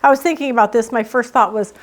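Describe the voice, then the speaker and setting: A woman's voice: fairly high pitch, fast. A middle-aged woman teaching a Bible study in a casual, emphatic, storytelling way.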